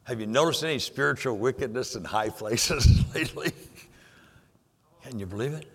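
A man's voice: on the high side, sharp tone. Older male preacher in a reverberant hall. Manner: emphatic, rising and dropping for effect, repeats phrases. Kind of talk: sermon. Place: church sanctuary.

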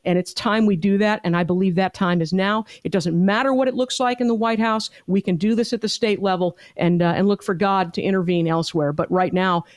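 Middle-aged woman activist guest: fervent, emphatic storyteller with an average pitch, recorded dry. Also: no room sound. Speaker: pro-life activist guest. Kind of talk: interview storytelling.

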